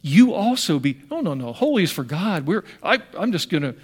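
Older man, American, pastor, sermon, animated storytelling, slightly high pitch. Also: brisk, husky. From United States. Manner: animated storytelling with restarts and vocal sound effects.

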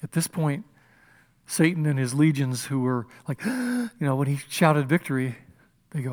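At a church service, a male pastor delivers an impassioned sermon, swinging between loud declarations and hushed whispers. His voice is on the high side at a normal speed, with long pauses.

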